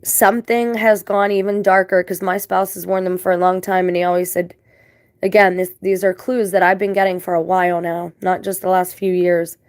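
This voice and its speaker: A woman's voice: fairly low pitch, little pitch movement, moderate pace, dry recording. Indignant woman rambling in a vlog. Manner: religious turns of phrase. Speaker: vlogger. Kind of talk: casual vlog monologue.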